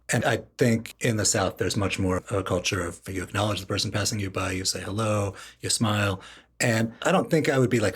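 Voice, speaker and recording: Husky low-voiced man on a podcast. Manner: chatty with many "like" fillers, inquisitive. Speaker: podcast co-host. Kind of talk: casual chat.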